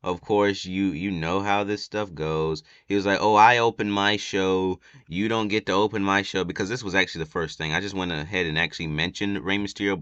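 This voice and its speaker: A deep-voiced man chats casually through a wrestling recap, filling it with fillers and sometimes loudly acting out quotes. The recording has no room sound.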